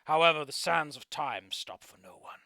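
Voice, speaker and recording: Guy doing a proud old raptor fire performer, big showy voice, gravelly, dry sound. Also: fairly high pitch, animated, normal speed, pushed and bright, no room sound, full character voice. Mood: grandiose. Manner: grand theatrical showman speech.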